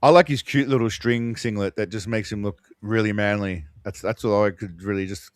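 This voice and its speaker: Fast-talking dry man. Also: lowish voice, fairly even intonation, smooth, no echo. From Australia. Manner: dry, teasing jokes. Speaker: podcast co-host. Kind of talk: casual movie commentary chat.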